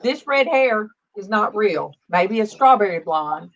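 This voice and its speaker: A woman's voice: medium pitch, expressive, unhurried. A woman in her fifties hosting a casual faith livestream, chatty and greeting viewers by name. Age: 50s. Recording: dull lo-fi stream audio.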